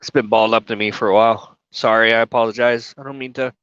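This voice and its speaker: A man's voice: mid-range voice, steady tone, fast, fairly bright tone, clear, resonant tone, no room sound, muffled recording. A man live-streaming from his truck cab, crying and sniffling as he talks emotionally, swearing and apologizing. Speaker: trucker livestreamer. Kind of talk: casual live-stream talk.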